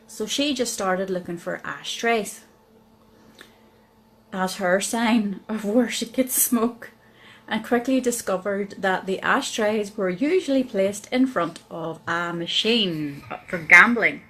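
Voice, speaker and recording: A woman with a Northern Irish accent, telling a chatty personal story to camera as a vlogger, with many pauses and fillers. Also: medium pitch, sharp tone, low-quality recording. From Northern Ireland.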